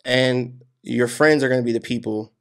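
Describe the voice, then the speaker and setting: A man with a gravelly, creaky edge to his mid-pitched voice, telling personal stories as a podcast guest. He talks in a casual, animated way, dropping "dude" and "man" as he goes. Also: normal speed. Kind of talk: casual storytelling interview.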